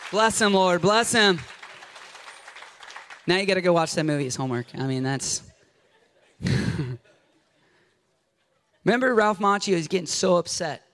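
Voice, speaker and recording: A man preaching an animated, jokey sermon to a congregation, acting out scenes with a volunteer from the audience. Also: sits high. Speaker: pastor. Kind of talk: lively sermon with audience interaction. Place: church sanctuary before a congregation.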